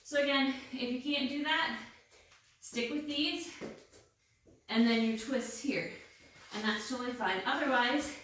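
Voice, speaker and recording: A woman's voice: high voice, unhurried, a bit bright, a little hiss or hum. A young woman coaching a workout, counting reps and encouraging while out of breath. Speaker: fitness instructor. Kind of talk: guided workout instruction. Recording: very echoey room, distant mic.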